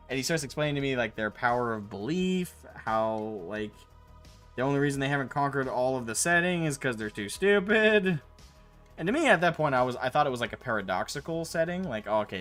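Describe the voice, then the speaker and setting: A man streaming while painting miniatures, telling a long casual story in a rambling, animated way with the odd swear word. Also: medium pitch, fairly quick. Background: faint Gregorian chant music.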